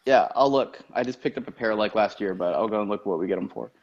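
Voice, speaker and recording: A man's voice: lowish voice, fast talker, darkish tone. A man talking casually in an online lobby, laid-back and chatty. His voice comes through a dull, lo-fi line that is muffled at the top end. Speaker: gamer in voice chat. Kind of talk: casual chat. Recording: dull lo-fi chat audio.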